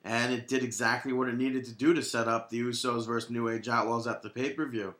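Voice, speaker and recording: Podcast guy w a bright kinda sharp voice, jokey, argues with his buddy a lot. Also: medium pitch, level tone, reverberant. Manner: joking, teasing, quick to argue. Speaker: podcast co-host. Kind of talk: casual chat about wrestling.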